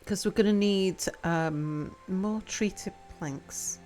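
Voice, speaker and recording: With a warm, medium-pitched voice and a slow pace, a woman chats casually during a live game stream. She reads chat messages aloud and toys playfully with pronunciation over faint background music.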